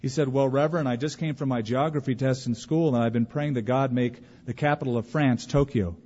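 A man's voice: mid-range voice, fairly even intonation, fairly quick, a little mellow. A man preaching a sermon as a pastor, telling stories and acting out the voices he quotes. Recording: dull audio with long hall reverb.

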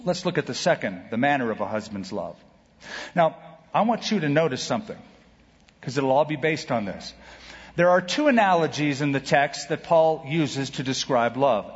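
A man preaching a sermon as pastor, emphatic, with dramatic pauses and big swings in pitch. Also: lively intonation. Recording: dull reverberant hall recording.

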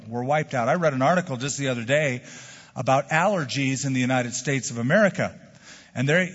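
Male pastor preaching, kinda husky and a bit high, lots of questions to the crowd, long echo, dull sound. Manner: animated preaching, rhetorical questions to the congregation. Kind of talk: sermon.

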